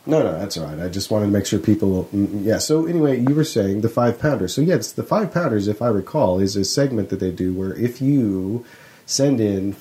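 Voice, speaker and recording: A man's voice: fairly low pitch, expressive, fairly quick, warm tone. A man co-hosting a podcast in casual chat, hesitant and self-correcting with dry remarks. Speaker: podcast co-host.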